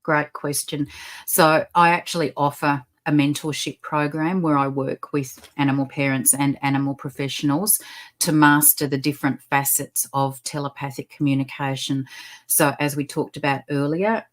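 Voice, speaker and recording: A low-pitched woman, a guest on a podcast over a video call. She tells her stories in an animated, upbeat way. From Australia. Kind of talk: podcast interview.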